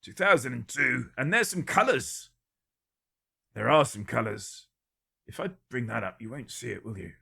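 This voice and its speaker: A man with a gravelly, slightly husky voice runs a casual live-stream quiz. His tone is bright and forward, and his joking stays dry and deadpan as he rattles off one guess after another. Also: medium pitch, normal speed. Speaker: livestream quiz host.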